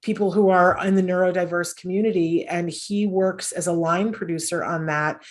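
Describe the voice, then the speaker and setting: With a lowish, steady voice at a moderate pace, this middle-aged woman talks earnestly as an interview guest, often using fillers and restarting her sentences. She's a podcast host and autism mom sharing stories in a conversational interview.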